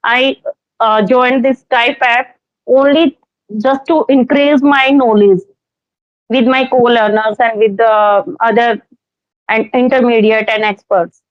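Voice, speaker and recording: A young woman with an Indian accent speaks on a video call, an English teacher sharing advice in a rather high voice. She talks earnestly but hesitantly, leaning on fillers. The call audio is dry and a little dull. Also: fairly even intonation, slow, no room sound. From Haryana, India. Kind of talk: casual conversation practice call.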